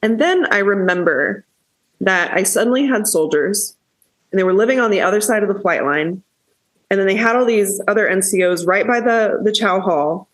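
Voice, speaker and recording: A woman hosting a podcast in casual chat, candid and quick to swear as she gets heated. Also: medium pitch, lively intonation. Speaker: podcast host.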